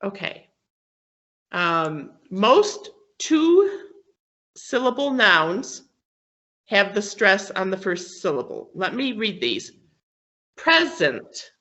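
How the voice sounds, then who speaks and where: A woman's voice: mid-range voice, pushed and bright, dull audio. A woman teaching an English class, explaining patiently with many fillers and frequent checks for understanding. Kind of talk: classroom lesson on word stress.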